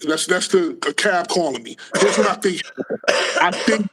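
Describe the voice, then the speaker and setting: A man with a notably high voice tells his stories in a lively, profane, streetwise way. He is a guest speaking casually in an interview. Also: moderate pace, background noise. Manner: animated, profane, streetwise storytelling.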